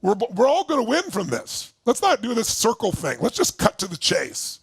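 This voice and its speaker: Gravelly, animated man telling a story. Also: high-pitched, normal speed, no echo. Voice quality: gravelly, husky voice. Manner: animated, shouting while acting out angry quotes. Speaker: motivational speaker. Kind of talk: storytelling talk to an audience.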